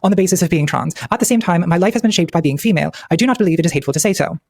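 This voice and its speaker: Woman talking super fast in a chatty video essay, dry close sound. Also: lowish voice, vocal fry, a little mellow, dry recording. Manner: rapid, chatty, reads tweets aloud. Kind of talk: conversational video commentary.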